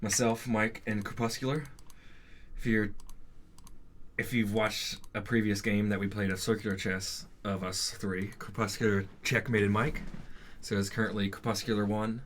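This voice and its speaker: A man's voice: fairly low pitch, flat delivery, normal speed, a bit bright, a little hiss or hum. A man hosting a chess stream, chatting casually and rambling with jokes and frequent restarts. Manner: rambling, jokey, restarts often. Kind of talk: casual gaming chat.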